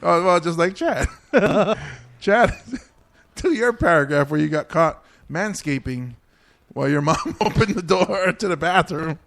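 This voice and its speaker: Male podcast host, high and very lively, giggly and loose. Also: measured pace, vocal fry. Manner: giggly, laughs constantly, animated. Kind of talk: casual comedy podcast chat.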